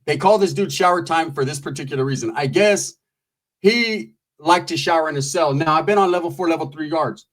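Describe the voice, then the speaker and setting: A man's voice: fairly high pitch, fairly quick. A man telling long, profane, rambling stories in a casual way, full of asides. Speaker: storyteller.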